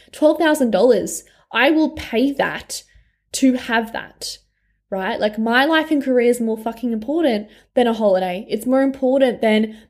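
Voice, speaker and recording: A woman's voice: on the high side, a little mellow. A young woman, a life coach talking candidly and frankly in a personal vlog, swearing freely and laughing often.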